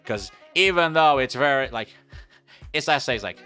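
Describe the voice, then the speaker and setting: A man's voice: mid-range voice, animated, normal speed, sharp tone, soft background music. A man chatting casually on a stream, rambling and correcting himself as he tells a story and talks to his chat. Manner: rambling, self-correcting, apologetic asides to chat. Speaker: VTuber streamer.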